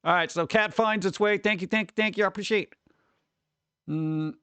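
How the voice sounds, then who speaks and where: A man chatting casually on a live stream, reading chat and reacting with quick exclamations. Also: high voice, bright, forceful tone, clean tone, no room sound.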